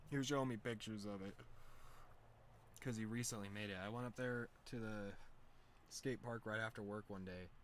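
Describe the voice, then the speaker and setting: A man's voice: normal speed, pauses often, slight background noise. A young man streaming, telling a rambling casual story with lots of slang and fillers, laughing often. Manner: excited, louder and higher when amused.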